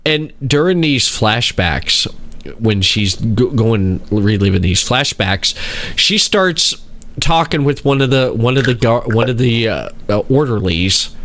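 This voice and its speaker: Podcast host, man, very lively swinging pitch, chatty storyteller. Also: measured pace. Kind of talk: casual chat.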